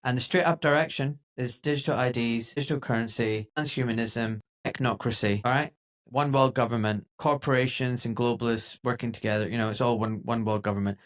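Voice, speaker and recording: A man hosting a podcast in casual conversation, talking emphatically and getting animated when he mimics other people. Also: medium pitch, a little fast. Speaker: podcast host.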